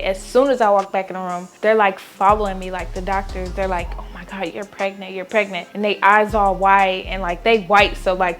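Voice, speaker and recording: A young woman telling a casual storytime vlog, chatty and animated, full of "like" fillers and acted-out quotes. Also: medium pitch. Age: young adult. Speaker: vlogger.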